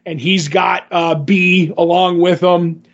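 A man with a high-pitched voice co-hosts a casual podcast and walks through a show's events in a lively, scene-by-scene retelling. The sound is muffled and lo-fi. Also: slow. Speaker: podcast co-host. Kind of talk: casual podcast chat recapping an episode.

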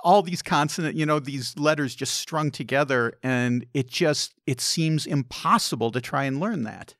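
A radio host in a relaxed manner, asking questions and laughing along with the guest. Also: mid-range voice, normal speed, dry recording, clean studio sound. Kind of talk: casual radio interview.

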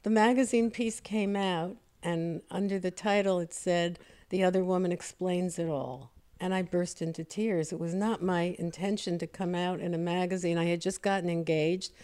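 A woman's voice: lowish voice, steady tone, normal speed, hardly any pauses, a little mellow, clean tone. Wry woman comedy writer telling stories. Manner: wry, self-deprecating storyteller. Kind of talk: casual interview chat, storytelling.

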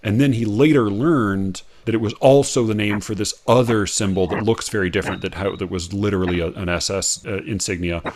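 An American man co-hosting a casual talk about poetry. He speaks with many fillers and restarts and gets animated when he makes a point. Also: on the low side, fairly quick, few pauses. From United States. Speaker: podcast co-host.

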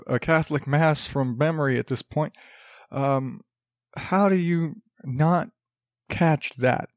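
A man's voice: mid-range voice, no echo, clean studio sound. A man hosting a solo podcast, ranting sarcastically, rambling with frequent restarts. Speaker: podcast host. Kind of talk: casual solo podcast commentary. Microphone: podcast studio mic.

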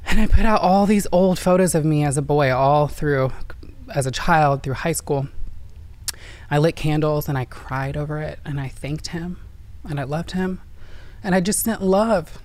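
A woman's voice: sits low, normal speed, a little mellow. A woman from Indiana, telling her personal story earnestly and emotionally as an interview guest. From Indiana, USA.

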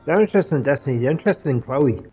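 A man co-hosts a casual watch-along podcast, throwing in dry, jokey remarks. His voice is husky and a touch high, and the recording sounds dull and lo-fi. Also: animated, very fast, faint music behind. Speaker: podcast co-host. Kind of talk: casual commentary while watching an episode.

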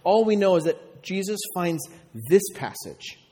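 A man's voice: sits high, a little slow, mellow. A man preaching a sermon as a pastor, conversational and full of rhetorical questions. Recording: long reverb of a large hall.

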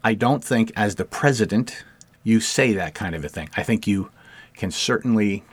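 Male podcast host, deep-ish voice, dead dry sound, forceful opinion talk. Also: no echo. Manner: emphatic, repeats words when stressing a point. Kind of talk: opinionated political commentary.

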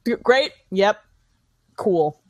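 Speaking extremely slowly, a woman with a medium-pitched, darkish voice and lively intonation tears into a film alongside a friend. As a movie riff co-host, she keeps up sarcastic, profane commentary mocking it. There's no echo.

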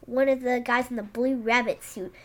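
A woman's voice: fairly high pitch, fairly even intonation, moderate pace. A young woman chatting casually about a movie. She strings her thoughts together with "and then".

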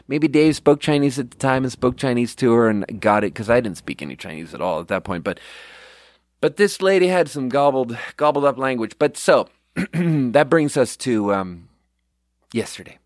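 A man's voice: mid-range voice, lively intonation, moderate pace, no echo, studio quality. Rambling, profane young man telling stories. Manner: rambling, profane, self-deprecating. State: sleep deprived. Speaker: podcast host. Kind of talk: casual storytelling monologue.

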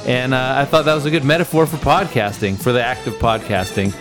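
A man's voice: medium pitch, animated, quick pace, over music. A man hosting a casual comedy podcast from a studio, rambling and full of fillers. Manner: rambling, laughs a lot, many fillers. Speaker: podcast host.

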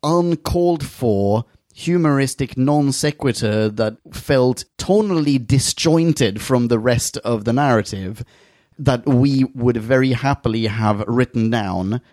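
A man's voice: mid-range voice, slow, a little mellow, dry recording. English guy podcast co-host, wordy and jokey, mid voice, dry close mic. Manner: articulate, wordy, self-deprecating. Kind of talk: casual review chat.

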